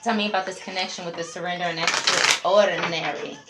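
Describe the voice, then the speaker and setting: A woman's voice: on the low side, fairly even intonation, fairly quick, very noisy. A woman giving a casual tarot reading, chatty and talking straight to her viewers as a group. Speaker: tarot reader. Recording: roomy echo, faint music behind.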